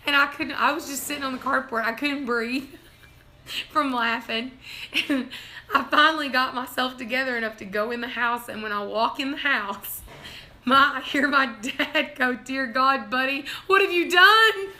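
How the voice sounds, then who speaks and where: With a high-pitched, pushed and bright voice at a normal pace, a woman livestream host chats casually about her family. She's giggly, often laughing as she tells her stories.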